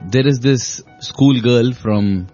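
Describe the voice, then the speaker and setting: A man hosting a conversation, listening attentively and then telling a story in a measured way. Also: mid-range voice, mellow. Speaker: host. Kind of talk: casual interview chat. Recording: slightly muffled recording with faint music.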